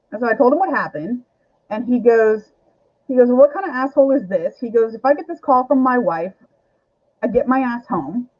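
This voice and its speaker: A middle-aged woman telling a candid personal story as a talk show guest, her voice in the middle of the range. She rambles and circles back, full of fillers and restarts. The audio is dull and lo-fi. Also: mid-range voice.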